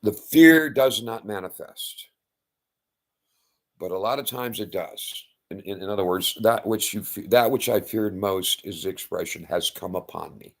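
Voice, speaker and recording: Gravelly man telling a lively story. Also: fairly low pitch, unhurried. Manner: animated, loud sound-effect outbursts and blunt profanity. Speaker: self-styled faith speaker. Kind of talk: casual retelling of a Bible story.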